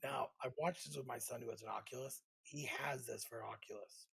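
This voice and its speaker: A man's voice: medium pitch, brisk, creaky, a bit bright, breathy edge, low-quality recording. A man co-hosting a gaming podcast, chatting casually and with enthusiasm. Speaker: podcast co-host. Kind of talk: casual chat.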